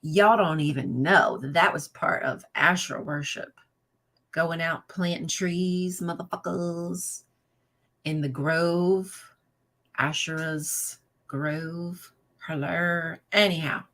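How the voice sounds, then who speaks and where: A woman's voice: sits low, fairly even intonation, slow pace, fairly bright tone. A woman hosting a live stream, reading a children's Bible storybook aloud and breaking off into sassy, profane asides to her chat. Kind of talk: casual reading with rant commentary to live chat.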